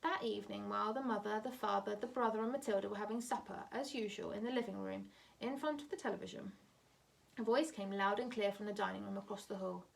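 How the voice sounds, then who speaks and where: A woman teacher reading a novel aloud to her class in a steady, measured way. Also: medium pitch, gravelly, distant mic.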